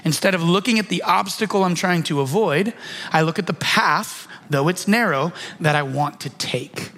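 A man's voice: sits high, normal speed, fairly bright tone. A man in his thirties preaching a sermon, telling a childhood story in a conversational way and acting out the lines of the people in it. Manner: conversational, restarts and fillers, acts out quoted lines. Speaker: pastor.

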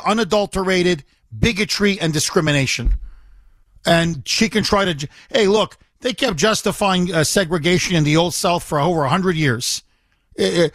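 A man's voice: high voice, fairly bright tone, no room sound, studio quality. A man hosting a talk radio show, talking emphatically and indignantly and repeating himself for emphasis.

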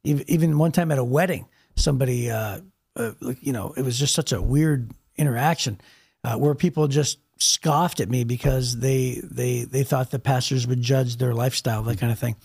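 Gravelly-voiced man telling a story. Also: mid-range voice, normal speed. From Ohio. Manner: animated, frequent repeated words and restarts. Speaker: pastor and podcast co-host. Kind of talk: casual storytelling chat.

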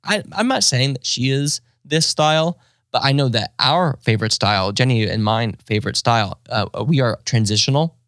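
Man, podcast co-host, casual chat, animated, quotes acted out with gusto, dry close mic. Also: mid-range voice, moderate pace, no echo. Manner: animated, laughing, acting out quotes in exaggerated voices.

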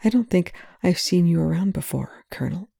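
Brief: reader doing a breathless, weepy woman scientist, soft and hushed, dry close mic. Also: medium pitch, unhurried, creaky, no echo. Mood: shaky, tearful. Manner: breathless, half-whispered, choked. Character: distressed woman scientist, tearful and pleading. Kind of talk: audiobook reading of fan fiction.

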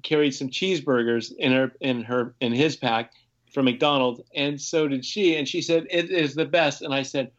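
A man's voice: mid-range voice, steady tone, normal speed, dull audio. Rambling man telling race stories. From United States. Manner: rambling storyteller with frequent restarts and laughs. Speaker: podcast guest, ultrarunner. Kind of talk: casual conversation.

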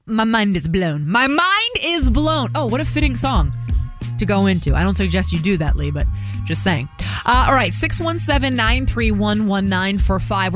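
A woman hosting a morning radio show, reacting in an animated, outspoken way. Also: medium pitch. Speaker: radio host.

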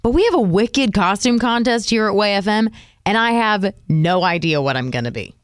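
Woman radio host, lively pitch, chatty, expressive, dry studio. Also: moderate pace, no echo. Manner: chatty, expressive, laughs often. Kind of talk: casual radio banter.

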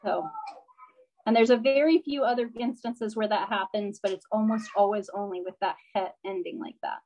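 A woman's voice: medium pitch, steady tone, moderate pace, a little mellow, rough recording. A woman teacher patiently explaining pronunciation in a live online class, using lots of fillers and frequent check-ins with her students. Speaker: language teacher.

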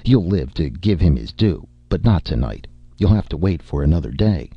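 A man voicing a big gruff barbarian warlord with a deep, rumbling voice, rueful and amused. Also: very animated, normal speed, no echo, exaggerated voice. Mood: gently gruff. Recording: dull lo-fi recording.

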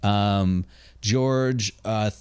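A man's voice: on the low side, a little mellow, clear, resonant tone, no echo. A man co-hosting a podcast, chatting casually in an upbeat, jokey way. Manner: upbeat, jokey, quick to laugh. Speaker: podcast co-host.

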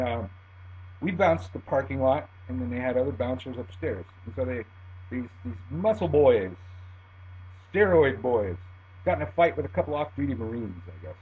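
A middle-aged man telling a profane personal story in an animated way, swinging between loud and muttered lines. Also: mid-range voice. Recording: dull lo-fi recording with faint hum.

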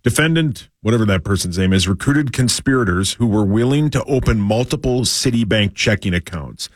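Low-voiced radio dude reading a story out loud, wry, dead dry sound. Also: male voice, expressive, fairly quick, no echo. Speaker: radio co-host. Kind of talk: casual studio banter, reading a news item aloud.

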